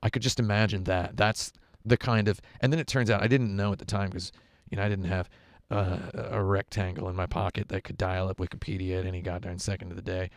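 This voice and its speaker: A man's voice: deep voice, level tone, fairly quick, dry recording, studio quality. A man chatting casually on a game livestream, telling rambling, digressive stories into a headset at home. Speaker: streamer. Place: home room with carpet.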